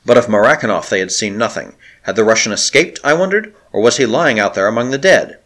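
A man's voice: on the low side, lively intonation, quick pace, a bit bright. A man reading an adventure novel aloud as an audiobook narrator, telling it with dramatic expression.

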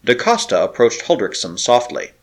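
A man's voice: mid-range voice, big pitch swings, moderate pace. A man narrating an adventure story with a dramatic, varied delivery. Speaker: audiobook narrator.

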